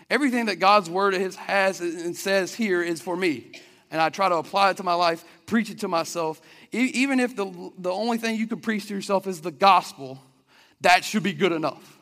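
High-voiced preacher in an echoing hall. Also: male voice, a little fast, fairly bright tone. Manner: earnest, conversational preaching with restarts. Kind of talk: sermon. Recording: long reverb of a hall.

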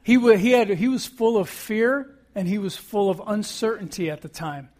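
Earnest man preaching, high voice. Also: moderate pace, darkish tone. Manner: earnest, emphatic preaching with repeated phrases. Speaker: pastor. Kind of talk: sermon.

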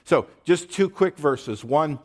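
A man preaching a teaching sermon, stressing words and pausing to check in with his listeners. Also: fairly high pitch, lively intonation. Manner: emphatic, pauses to drive points, checks in with "okay?". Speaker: pastor.

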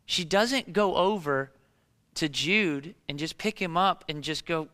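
A man's voice: fairly high pitch, unhurried, sharp tone, big-room sound. A man in his thirties preaching a sermon as pastor, emphatic, repeating key phrases and asking rhetorical questions.

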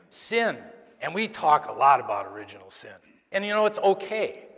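Guy preaching at mass, kinda high voice, long church echo, chatty and joking, lots of ums. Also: fairly bright tone. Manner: chatty, halting, joking with the congregation. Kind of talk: conversational sermon.

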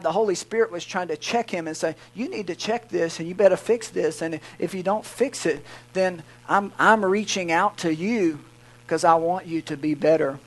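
A man's voice: high voice, normal speed. A middle-aged man preaching a sermon in a folksy, joking way with emphatic swells. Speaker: pastor.

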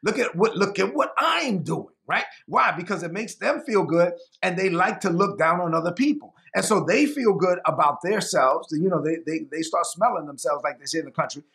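Male preacher, high gravelly voice, lively emphatic sermon delivery. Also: fairly quick, hardly any pauses. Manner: emphatic, repeats phrases, acts out quotes.

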